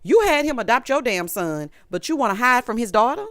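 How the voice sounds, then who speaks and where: A woman's voice: fairly high pitch, sing-song, brisk, a bit bright, no room sound, clean studio sound. A young adult woman giving a sassy, casual recap of a reality show, talking straight to her viewers. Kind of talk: casual commentary.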